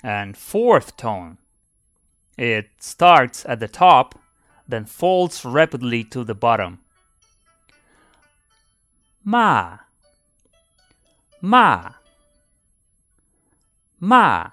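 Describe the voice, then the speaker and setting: A man hosting a podcast lesson, speaking deliberately and demonstrating sounds by repeating syllables. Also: mid-range voice, big pitch swings, a bit bright, no room sound, studio quality, soft background music. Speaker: language teacher and podcast host.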